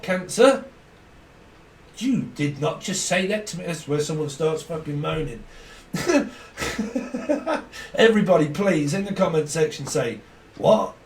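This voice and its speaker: A man's voice: on the high side, darkish tone, slight background noise. A man giving a casual tarot reading, rambling, laughing often and swearing freely. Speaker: tarot reader. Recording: echoey room, mic at a distance.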